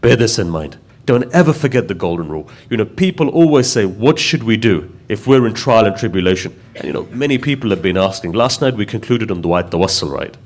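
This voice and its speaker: A man giving a religious sermon, telling stories and rising to impassioned emphasis. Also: fairly low pitch. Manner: storytelling, building to impassioned emphasis. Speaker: preacher.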